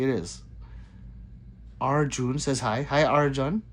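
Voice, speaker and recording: A man's voice: mid-range voice, takes it slowly, pauses often. Male streamer reading chat aloud, loose and profane, with a voice that rises and falls a lot. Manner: animated, profane, chatty. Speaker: livestream host. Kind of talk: casual livestream chat reading.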